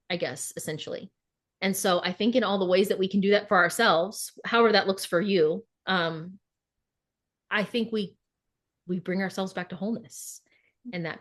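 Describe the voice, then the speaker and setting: Animated woman acting out inner dialogue. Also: lowish voice. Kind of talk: casual conversational podcast chat. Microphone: video call.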